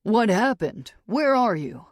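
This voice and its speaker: A woman voicing a gentle, teasing male bartender who speaks softly with a Texan accent. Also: high-pitched, sing-song, takes it slowly, dry recording, studio quality, voice pushed up, full character voice. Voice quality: soft voice.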